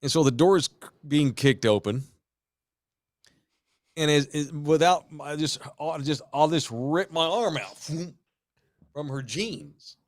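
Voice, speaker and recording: A man telling a wild story on a casual podcast, animated and swearing freely. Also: on the high side, slow pace, long pauses, dry recording, clean studio sound. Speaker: podcast host.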